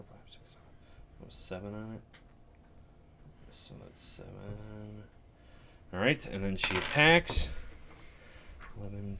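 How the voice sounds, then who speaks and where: A man with a lowish voice runs a tabletop game as dungeon master, taking his time over each roll. He narrates the fight vividly between relaxed, chuckling rules talk, and a faint hiss sits under the recording.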